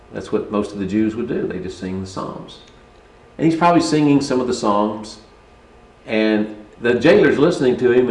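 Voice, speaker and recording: A man's voice: mid-range voice, creaky, darkish tone, echoey room, poor audio. A middle-aged man preaching a sermon in a conversational storytelling way, often restarting his sentences.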